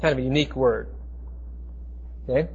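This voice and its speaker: A man teaching a Bible class, explaining Greek words with emphatic, slowed stress and frequent restarts. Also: mid-range voice, a little hiss or hum. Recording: dull lo-fi recording.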